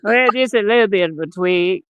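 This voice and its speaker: A man's voice: high voice, moderate pace, clear, resonant tone, dry recording, highs cut off. A man, a guest on a livestream, telling a joke in a rambling, folksy way. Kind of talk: casual joke-telling chat.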